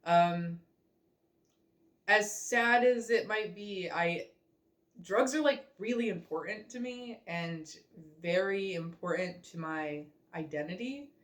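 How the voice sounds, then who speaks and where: A woman's voice: medium pitch, takes it slowly. A young woman rambling chattily in a casual reaction vlog, full of fillers and self-mockery. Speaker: vlogger.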